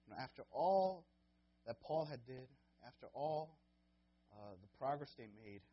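A young man preaching a casual sermon as a guest preacher, with many fillers and restarts, getting loud and high when he acts out scenes. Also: animated, measured pace, breathy edge, lo-fi sound.

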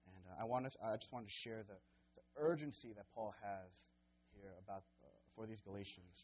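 A young man preaching a casual sermon as a guest preacher, with many fillers and restarts, getting loud and high when he acts out scenes. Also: a little fast, breathy edge, muffled recording.

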